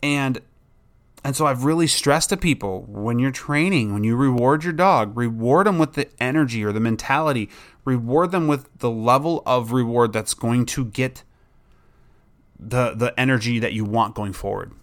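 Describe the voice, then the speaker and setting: A young adult man who hosts a podcast and trains dogs, talking casually and rambling a bit, sometimes acting out an excited dog. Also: medium pitch, normal speed. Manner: rambling, relaxed, acts out excited dog voices. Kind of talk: casual solo podcast talk.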